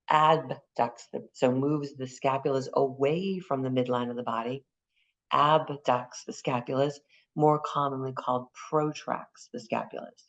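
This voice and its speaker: Lady teaching anatomy, gravelly fry in her voice, keeps repeating key terms and spelling stuff out. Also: extremely low pitch. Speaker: massage exam prep instructor.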